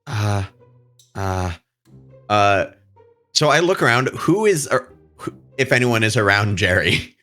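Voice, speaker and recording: A man's voice: fairly low pitch, sing-song, slow pace, long pauses, sharp tone, soft background music. Playful man player. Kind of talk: tabletop role-play, casual.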